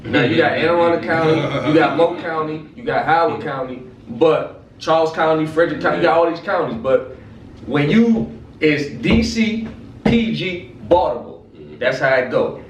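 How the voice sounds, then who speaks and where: A man from the Midwest telling stories in casual, profane talk, jumping up in pitch when he quotes others. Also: moderate pace. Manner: animated storyteller, profane, jumps up in pitch for quotes. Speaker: vlog host. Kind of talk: casual conversation. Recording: roomy, distant mic with faint noise.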